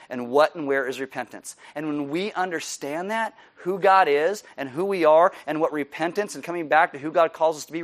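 A male pastor preaching a sermon in a conversational, humorous way, explaining scripture. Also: a little high.

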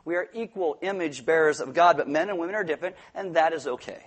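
A man preaching a sermon in a lively, joking way, acting out quoted voices as he goes. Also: fairly high pitch, fast talker. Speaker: pastor.

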